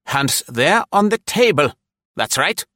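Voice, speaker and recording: A man's voice: on the high side, sing-song, a little slow, sharp tone, no echo, clean studio sound, voice pushed up, exaggerated voice. A man voicing a fat, greedy spy with an oily, snarling manner. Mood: menacing. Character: fat, greedy, menacing male German spy. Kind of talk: audiobook character voice.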